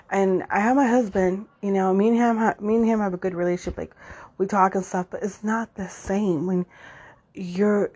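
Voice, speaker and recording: Woman host, 30s, raw emotional monologue with plenty of swearing and fillers, mid-pitched voice. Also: a little mellow, husky. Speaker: podcast host. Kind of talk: casual personal monologue.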